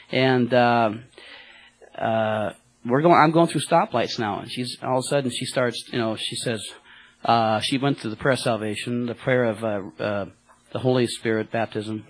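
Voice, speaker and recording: Husky man telling church testimony. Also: medium pitch, low-quality recording. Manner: rambling, excited storytelling with many fillers. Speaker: cab driver giving a testimony.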